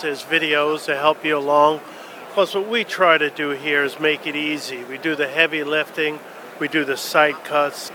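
A man's voice: on the high side, bright, forceful tone, slight background noise. A man welcoming an interviewer to his company's trade show booth and explaining the products steadily. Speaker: company representative. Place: busy trade show floor.

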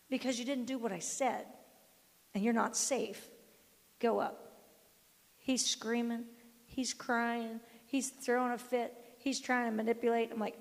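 A woman's voice: a little high, steady tone, a little slow, creaky, darkish tone, long reverb tail. An older woman, a grandmother, tells a family story as a devotional talk, emphatic and firm, quoting scripture. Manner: emphatic, firm, quotes scripture and acts out dialogue.

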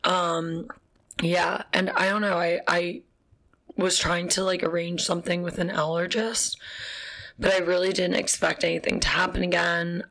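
A woman's voice: on the low side, a bit bright. A woman in her twenties telling a personal story casually to camera, chatty, with lots of fillers, nervous laughs and casual swearing. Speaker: vlogger.

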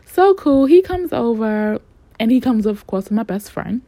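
A woman in her forties from New York, with a New York accent, telling a story casually in slangy, animated talk and acting out the quotes. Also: on the high side, moderate pace, no room sound.

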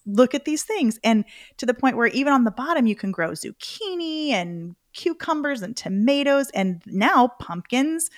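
Middle-aged woman guest on a podcast, animated storyteller, dry close sound. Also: mid-range voice, dry recording. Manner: animated storyteller, acts out her own reactions. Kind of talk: casual interview chat.

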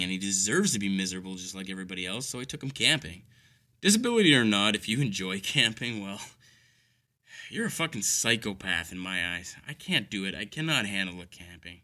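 Bright-voiced sarcastic man ranting. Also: sits low. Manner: sarcastic, exasperated, profane. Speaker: caregiver telling stories. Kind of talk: comedic rant.

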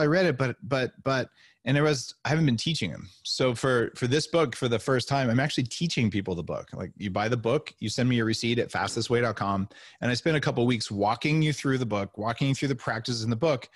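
A middle-aged man telling stories as a podcast guest, lively and acting out the voices of the people he quotes. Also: medium pitch, no echo, studio quality. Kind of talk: animated storytelling interview.

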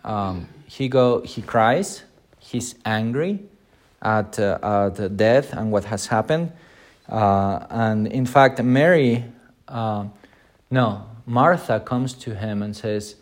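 A man's voice: lowish voice, takes it slowly. A man, a pastor, teaching an unscripted Sunday School Bible lesson, with many filler sounds and quoted lines acted out in a raised voice.

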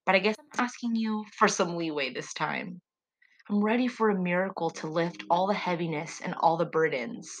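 A woman talks alone on her faith podcast in a slightly low voice. She speaks earnestly and prayerfully, heartfelt and sincere, as she addresses her listeners. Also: normal speed, low-quality recording. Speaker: podcast host. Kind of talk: solo faith podcast monologue.

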